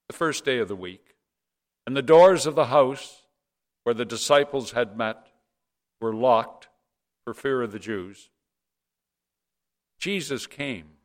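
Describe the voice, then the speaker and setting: Slow, measured man reading scripture. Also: mid-range voice. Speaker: scripture reader. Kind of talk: reading scripture aloud in church.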